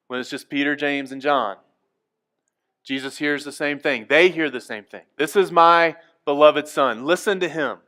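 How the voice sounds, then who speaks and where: A male pastor delivering a sermon, moving between quiet, hushed passages and loud, emphatic ones. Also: on the high side. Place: church.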